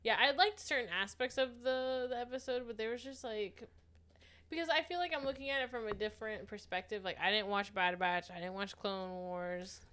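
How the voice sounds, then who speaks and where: A woman co-hosting a podcast in casual chat, blunt and chatty, quick to laugh. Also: fairly high pitch, bright, forceful tone, clean tone. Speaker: podcast co-host.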